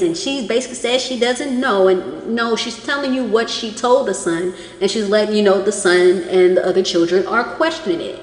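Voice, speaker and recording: A woman's voice: mid-range voice, moderate pace, few pauses. Chatty woman in an echoey room. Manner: chatty, reenacts quotes from the show. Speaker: reality TV recap vlogger. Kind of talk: casual recap commentary. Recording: echoey room with long reverb.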